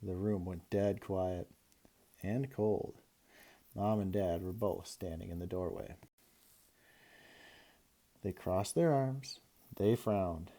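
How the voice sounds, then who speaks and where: A male teacher reading a children's chapter book aloud to his class with expressive storytelling. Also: deep voice, slow, long pauses.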